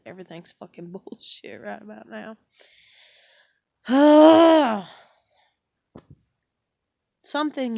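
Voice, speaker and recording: A woman's voice: medium pitch, vocal fry, warm tone, no echo, clean studio sound. A woman in her thirties, a stressed and exhausted single parent, venting in a casual, profane monologue at home with heavy sighs. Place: indoors at home.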